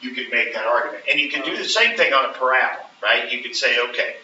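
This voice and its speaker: A man's voice: medium pitch, animated, quick pace, pushed and bright, a little hiss or hum. A male math teacher lecturing a classroom, explaining step by step and often checking in with "right?". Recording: roomy, distant, dull classroom recording.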